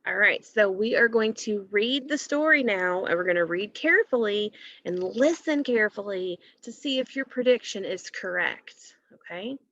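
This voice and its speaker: A woman teacher giving a recorded phonics lesson to children, explaining patiently and clearly. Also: mid-range voice, expressive, normal speed, fairly bright tone, dry recording. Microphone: computer mic while screen sharing. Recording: dull lo-fi recording.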